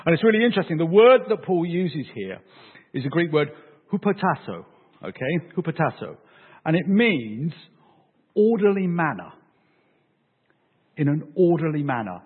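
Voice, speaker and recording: Man, sermon, lively pitch, husky voice, tinny phone-like sound, echoey church hall. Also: moderate pace, pauses often. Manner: animated and joking with the congregation. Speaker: preacher.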